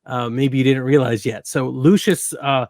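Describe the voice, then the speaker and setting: A man's voice: medium pitch, steady tone, moderate pace, darkish tone, no echo, studio quality. A man narrating as game master of a tabletop game, musing aloud.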